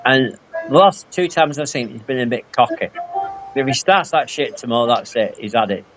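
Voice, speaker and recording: A man's voice: medium pitch, lively intonation, brisk, over music. A man, telling rambling stories full of quoted dialogue on a casual live stream. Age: 50s. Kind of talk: casual chat.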